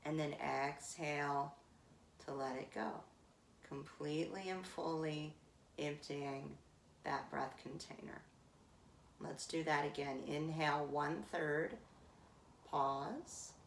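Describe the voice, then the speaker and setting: A woman leading a guided breathing meditation in calm, drawn-out phrases with long pauses. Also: low voice, vocal fry, slight background noise. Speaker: meditation teacher. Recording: roomy echo from a distant mic.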